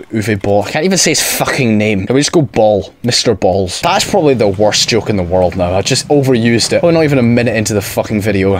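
A man's voice: on the low side, a little hiss or hum. A young man giving sweary, exasperated comedic commentary over gameplay. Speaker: gaming YouTuber.

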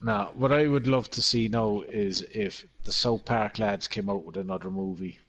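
A man's voice: fairly low pitch, moderate pace, dry recording, low-quality recording. A man playing a video game with friends, chatting and teasing in a laid-back way. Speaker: co-player. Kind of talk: casual gaming chat.

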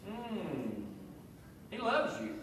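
A man's voice: sits high, sing-song, very slow, noisy background. A male pastor preaching an emphatic sermon in a church, repeating key phrases and calling on the congregation to answer back. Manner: emphatic preaching with call-and-response and repetition. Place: church sanctuary. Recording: echoey church hall, voice from far off.

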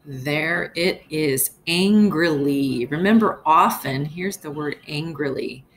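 This woman teacher has a deep voice, and there's a slight hiss or hum in the audio. Reading a picture book to young kids, she takes her time, stays expressive, and stops now and then to ask them questions.

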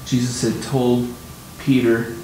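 A man's voice: little pitch movement, slow, dark tone. A man preaching a sermon on scripture, explaining emphatically and repeating his key points. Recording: very echoey room, faint rumble.

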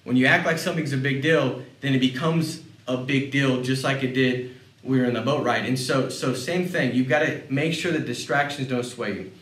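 A man's voice: medium pitch, moderate pace. Man giving a motivational talk, roomy and distant. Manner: lively storyteller who often repeats words as he goes. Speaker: sales leader speaking on a panel. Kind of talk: motivational talk with personal stories. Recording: roomy sound, mic at a distance.

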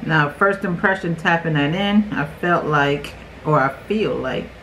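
A woman's voice: low voice, unhurried, a bit bright, a little hiss or hum, low-quality recording. A woman in her forties chatting directly to her viewers while doing a makeup tutorial at home. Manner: chatty, talks straight to viewers. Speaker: beauty vlogger.

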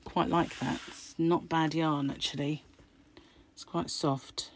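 A middle-aged woman with a croaky voice, chatting casually as she pages through a craft magazine. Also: low voice, fairly even intonation, slow, a little hiss or hum. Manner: chatty, musing aloud while flicking through pages. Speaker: craft channel host. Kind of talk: casual magazine unboxing chat.

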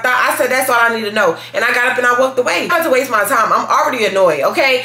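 A woman's voice: on the high side, bright, forceful tone, roomy sound. Slangy chatty young woman vlogger. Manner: chatty, slangy, says "y'all" constantly. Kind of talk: casual vlog chat.

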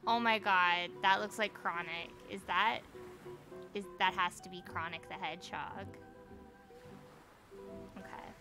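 A young woman streaming from home, chatting casually over gameplay, excitable and swearing freely. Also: lowish voice, measured pace, long pauses, over music. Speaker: live streamer. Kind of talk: casual live gameplay commentary.

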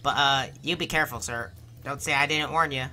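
A man's voice: medium pitch, brisk, music in the background, pitched below the performer's own voice, natural voice. A man doing a formal, polite ship captain.

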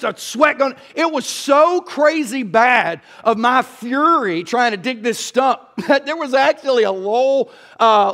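Man, high voice, church sermon, folksy storyteller. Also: fairly bright tone. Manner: folksy storytelling, asks the crowd "y'all". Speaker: pastor.

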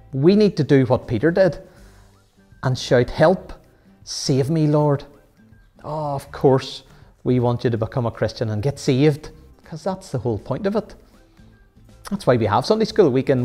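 A man's voice: medium pitch, mellow. A man leading a children's Sunday school Bible lesson, earnest and full of rhetorical questions.

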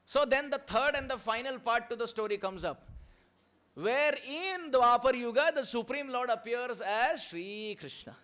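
A man with a very high voice and an Indian English accent delivers a storytelling sermon. He is middle-aged and leads his listeners in call-and-response, breaking into chanted Sanskrit verses. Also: expressive, unhurried, sharp tone. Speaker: preacher.

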